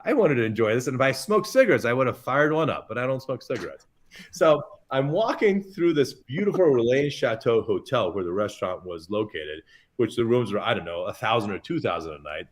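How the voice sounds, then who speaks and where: A middle-aged man, a chef guest on a podcast, telling an anecdote with lively, expressive delivery and acted-out quotes. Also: mid-range voice, a little fast. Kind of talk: animated storytelling in podcast interview.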